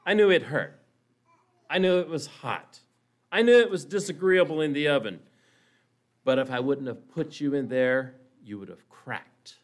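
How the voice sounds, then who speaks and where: A man voicing a patient master potter in a storytelling sermon, speaking softly and unhurried. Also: animated, close to an everyday voice. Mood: gently explaining. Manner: soft, low, unhurried. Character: calm patient old master potter, firm.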